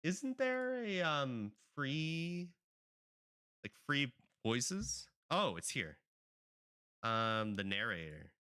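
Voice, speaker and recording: A man's voice: medium pitch, sing-song, very slow, pushed and bright, smooth. A man streaming live, rambling casually with lots of "like" while testing voice settings. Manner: chatty, rambling, frequent "like".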